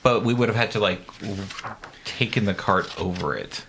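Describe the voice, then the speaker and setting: A man's voice: on the low side, expressive, normal speed. A man playing a tabletop game, making wry jokes. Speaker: player. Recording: noisy recording.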